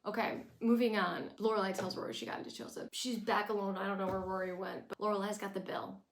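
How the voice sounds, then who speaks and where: A woman's voice: medium pitch, flat delivery, fast talker. A young woman giving a casual, sarcastic and opinionated recap, blunt and outspoken in tone. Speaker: recap vlogger. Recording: echoey room.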